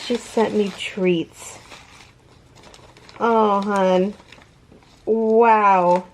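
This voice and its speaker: A woman in her thirties talks through a casual unboxing vlog, slowly and with plenty of pauses. She gushes with thanks, sounds moved almost to tears, and keeps stopping partway through a sentence to begin it again. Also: medium pitch, steady tone, a little hiss or hum. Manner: emotional, gushing, effusive thanks; halting, restarts often. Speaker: crochet channel host.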